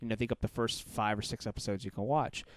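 Smooth-voiced man chatting on a podcast. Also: fairly low pitch, fairly even intonation, quick pace, no room sound, clean studio sound. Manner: chatty, rambling, laughs often. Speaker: podcast host. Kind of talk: casual podcast chat.

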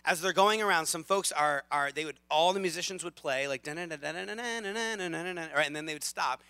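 A man in his thirties preaching a sermon as a lively, self-deprecating storyteller, with big swings in loudness. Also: fairly high pitch, fairly quick, smooth, dry recording. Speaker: pastor.

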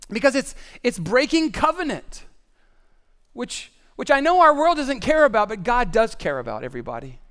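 A man preaching a sermon, animated and conversational, swinging between loud emphatic bursts and hushed, solemn passages. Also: high-pitched, smooth. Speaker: pastor.

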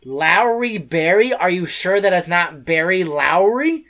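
A woman's voice: lowish voice, animated, a little slow, a bit bright, dull audio. A woman co-hosting a podcast in casual chat, cutting in with dry sarcastic quips and mock despair. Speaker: podcast co-host.

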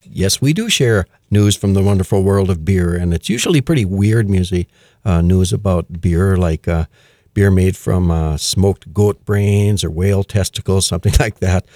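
A man hosting a radio music show, chatting casually with many fillers and reading news items aloud with quiet amusement. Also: deep voice, normal speed, dry recording, clean studio sound. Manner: relaxed and chatty, with frequent "uh" fillers and chuckles.

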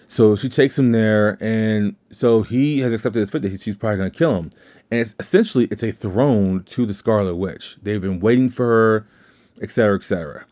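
A man's voice: on the low side, moderate pace, mellow. A man hosting a podcast who casually recaps a movie's plot in a rambling way, retelling scenes with quoted lines. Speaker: podcast host. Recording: dull lo-fi sound.

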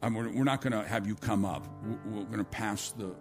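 A man's voice: on the low side, fairly quick, over music. A male pastor preaching a sermon to his church, telling a long story with many restarts and asides.

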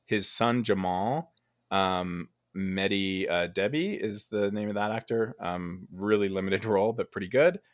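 A man's voice: fairly low pitch, a little slow, no room sound, clean studio sound. A man hosting a casual chat about a film, talking loosely with many fillers and restarts. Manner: relaxed, hesitant with many fillers.

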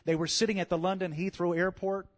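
Southern preacher, man, tenor range, animated sermon delivery. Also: sits high, quick pace. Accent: Louisiana Southern US. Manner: animated, swells to loud calls of "come on" and "amen".

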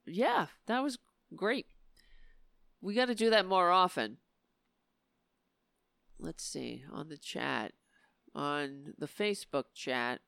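A woman hosts a political live stream with impassioned, emphatic delivery. Her voice is somewhat low for a woman, crisp and a little hoarse. She talks slowly, recorded close and dry. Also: fairly bright tone, dry recording. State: losing her voice. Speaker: political talk show host.

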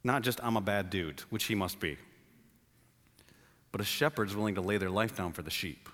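A man's voice: lowish voice, moderate pace, big-room sound. A man preaching a sermon to his church, telling the story with humor and acting out voices. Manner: animated, jokey storytelling with acted-out voices. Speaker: pastor. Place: church building.

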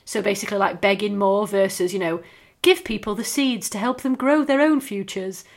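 A woman's voice: mid-range voice, normal speed. Sweary woman in her thirties. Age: 30s. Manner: sweary, animated, chatty. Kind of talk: casual chat.

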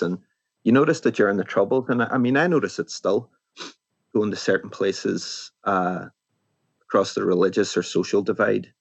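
A man with a Northern Irish accent, an author answering interview questions in a thoughtful, musing way that often trails off softly. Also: fairly low pitch, no echo. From Northern Ireland. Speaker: author guest.

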